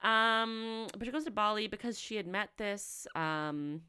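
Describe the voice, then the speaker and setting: A woman's voice: mid-range voice, unhurried, sharp tone, smooth. A woman co-hosting a podcast, chatting casually with chatty asides and laughs. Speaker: podcast co-host. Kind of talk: casual chat.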